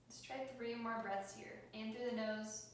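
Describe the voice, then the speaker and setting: Yoga teacher lady, calm and encouraging, kinda high voice, super echoey room. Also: a little slow, slight background noise. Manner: calm, encouraging cueing of breath and movement. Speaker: yoga instructor. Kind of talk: guided yoga class instruction. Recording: echoey room, mic at a distance.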